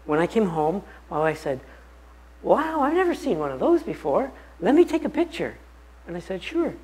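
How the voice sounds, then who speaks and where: A man, a pastor, telling a personal story during a bible study talk in an animated, anecdotal way. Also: a little high, husky, rough recording.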